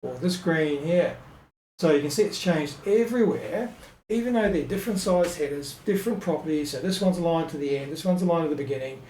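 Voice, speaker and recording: A man with a slightly high voice walks through a web design tutorial, muttering and correcting himself as he clicks along. The room is echoey, with a faint hum of ambience behind him. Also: fairly quick, a little mellow. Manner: thinking aloud with many ums and self-corrections. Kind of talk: casual screen-recorded tutorial.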